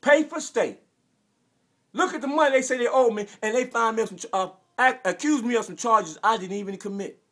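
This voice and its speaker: A man in his forties from Arkansas with a Southern American accent, delivering an emotional, preachy rant that repeats phrases and bursts into shouts. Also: very high-pitched, brisk. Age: 40s. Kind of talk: impassioned direct-to-camera rant.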